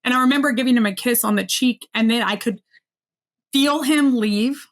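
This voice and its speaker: A woman guest on a podcast interview, telling a personal story in an earnest, reflective way and slowing down at the painful parts. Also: a little high.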